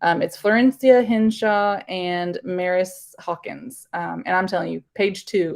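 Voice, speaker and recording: A woman's voice: fairly low pitch, fairly even intonation, measured pace, vocal fry. A woman teacher, giving a casual live online workshop in a chatty, rambling way, full of fillers.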